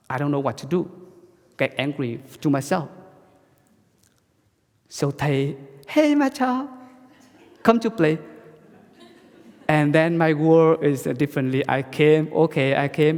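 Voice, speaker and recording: A man giving a gentle dharma talk as a Buddhist monk, speaking simple English that halts and restarts often. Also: a little high, in a large hall.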